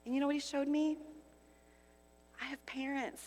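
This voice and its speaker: A woman in her fifties preaching at a conference in an expressive way, with loud declarations and hushed asides. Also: high-pitched, normal speed. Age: 50s. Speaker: conference speaker. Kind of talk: sermon. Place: large conference hall. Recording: long hall reverb.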